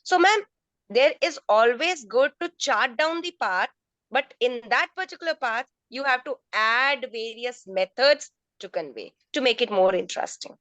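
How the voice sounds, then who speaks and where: A woman's voice: on the high side, expressive, moderate pace, a bit bright, no echo, rough recording. A woman answering teachers' questions in an online training session, explaining step by step and often restarting her phrases. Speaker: resource person, teacher trainer. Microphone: video call.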